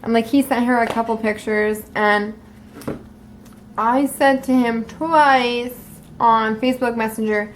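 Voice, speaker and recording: Young woman, vlogger, casual storytime, fairly high voice, profane, animated, lots of fillers. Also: unhurried, slight background noise. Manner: profane, animated, full of likes.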